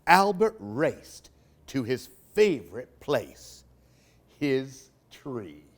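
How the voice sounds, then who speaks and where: A man's voice: mid-range voice, very animated, very slow. A man reading picture books aloud for children, with playful asides to young listeners. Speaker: library storytime reader.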